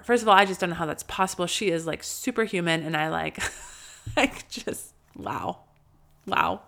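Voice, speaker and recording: A woman's voice: medium pitch, a bit bright. A woman in her thirties hosting a faith podcast, chatting casually with many fillers and restarts. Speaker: podcast host.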